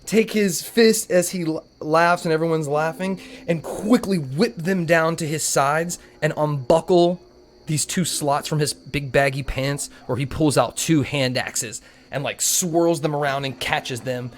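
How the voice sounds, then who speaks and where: A man with a fairly high voice runs a tabletop game. He narrates in a loose, chatty way, scattering filler words through his descriptions of the scene. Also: unhurried, slight background noise. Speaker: game master.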